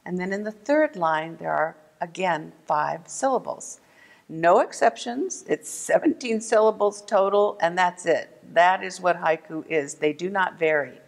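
A woman teaching a lesson for children, gentle and clear, slowing down to sound out words. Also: on the low side, lively intonation, big-room sound. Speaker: museum art educator. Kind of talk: instructional video lesson for kids.

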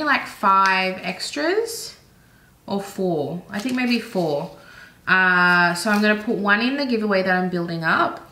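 A bright, crisp-toned Australian woman talks through her beauty haul in an eager, chatty way, drifting into asides as she goes. The sound is roomy, with a clear echo off the walls. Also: medium pitch, slight background noise. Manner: chatty, enthusiastic, rambling asides. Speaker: beauty vlogger. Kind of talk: casual product haul chat. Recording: roomy echoey room.

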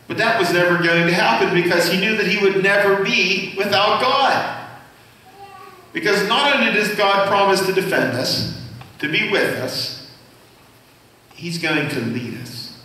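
Bright-voiced preacher in an echoey hall. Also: male voice, high-pitched, unhurried, far from the mic. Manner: conversational preaching, asks the congregation questions. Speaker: senior pastor. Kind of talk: sermon. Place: church sanctuary.

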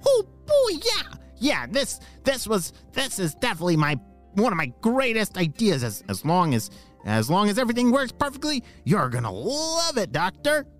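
A squeaky, stammering professor. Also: male voice, wildly swooping pitch, moderate pace, a bit bright, faint music behind, exaggerated voice. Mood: nervous. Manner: stammering, high and jittery. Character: nervous, squeaky male professor sidekick.

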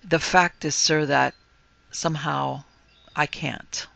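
A man's voice: on the high side, steady tone, slow pace, vocal fry, sharp tone, no echo, exaggerated voice. A man voicing a timid, awkward young male ghost who speaks meekly and apologetically. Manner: meek, apologetic, subdued.

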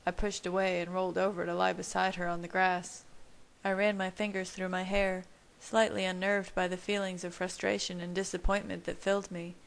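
A woman reading a first-person romance story aloud in a steady, intimate manner. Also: lowish voice, a little fast, creaky, low-quality recording. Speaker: fan fiction reader. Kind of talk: audiobook narration.

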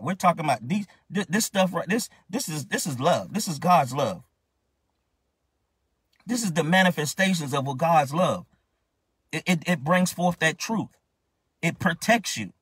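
Man preaching, fervent, questioning, husky, dry close sound. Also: on the high side, lively intonation, moderate pace, fairly bright tone, no echo. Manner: fervent, questioning, with many restarts. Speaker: minister. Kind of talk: preaching a sermon.

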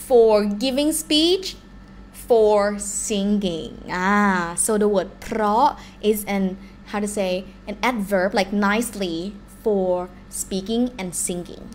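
A young woman with a Thai accent teaching a live-streamed language lesson in a chatty, animated way. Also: medium pitch, unhurried, slight background noise.

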